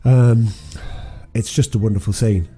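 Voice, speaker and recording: Man, podcast co-host, very dark mellow voice, slightly husky, rambling recap. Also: on the low side, steady tone, unhurried. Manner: rambling retelling with many ums and restarts. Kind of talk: casual film recap chat.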